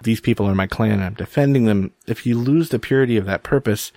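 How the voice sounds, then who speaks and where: A middle-aged man chatting on a podcast, musing and animated, taking off on tangents. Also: on the low side, brisk, no room sound, clean studio sound. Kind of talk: casual chat.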